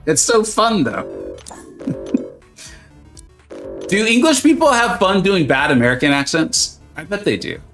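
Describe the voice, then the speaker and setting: A man's voice: a little high, wildly swooping pitch, slow, gravelly, pauses often, over music. A man chatting casually and joking with viewers while streaming a game, greeting them by name. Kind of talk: casual live-stream chat.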